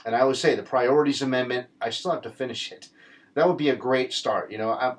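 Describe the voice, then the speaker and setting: A man giving a casual political commentary monologue, earnest and rambling, with many restarts. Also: mid-range voice.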